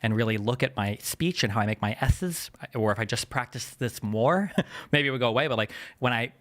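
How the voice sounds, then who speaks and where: A man chatting on a livestream, talking in a fast, rambling way, with a slight lisp on his s sounds. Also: mid-range voice, fairly bright tone. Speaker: streamer and commentator. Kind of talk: casual chat on a livestream.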